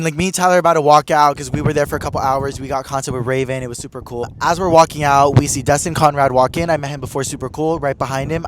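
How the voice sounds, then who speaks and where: A young male podcast host chatting casually, his voice sitting a bit high for a man. He talks in an excitable, gossipy rush and packs his sentences with "like" and "literally". A faint hiss runs underneath. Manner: excitable, gossipy, heavy "like" filler. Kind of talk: casual chat.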